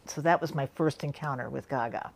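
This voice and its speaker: A woman's voice: extremely low pitch, brisk, gravelly. A woman makeup artist casually telling an anecdote, acting out what people said. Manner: chatty storytelling, acting out quoted voices.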